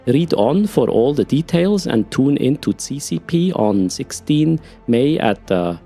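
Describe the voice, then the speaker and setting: A man's voice: medium pitch, very animated, measured pace, dark tone, faint music behind, pitched above the performer's own voice. A man reading an announcement aloud in an exaggerated Swiss German English accent, leaning on hard k and r sounds. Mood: mock-formal.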